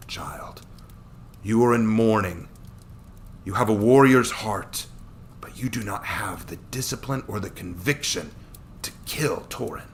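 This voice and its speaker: Weary, wise wanderer, as a male reader plays him: low, gravelly, soft and measured, slipping into whispers, storybook reading. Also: a little hiss or hum. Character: wandering man, calm, stern, weary, wise.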